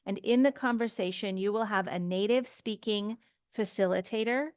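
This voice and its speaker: A woman's voice: medium pitch, normal speed, clear, resonant tone, no room sound, clean studio sound. A woman teaching English grammar, explaining patiently step by step with example sentences. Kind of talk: slow grammar lesson.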